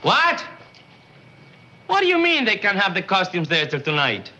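A harried Cuban bandleader husband. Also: male voice, sits high, huge pitch swings, moderate pace, pushed and bright, full character voice. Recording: old sitcom clip with clear hiss.

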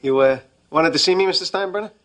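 A man's voice: a little high, fast talker, a bit bright, close to an everyday voice. An actor playing a nervous, flustered male employee in a sitcom clip, stammering through his replies. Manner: hesitant, stammering. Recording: TV clip with clicks and background noise.

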